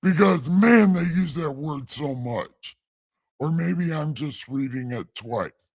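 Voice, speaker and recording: Slow, irreverent man reading scripture. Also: fairly high pitch, animated, breathy edge. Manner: irreverent, rambling, stumbling over lines, swearing. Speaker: livestream Bible reader. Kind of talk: casual late-night Bible reading livestream.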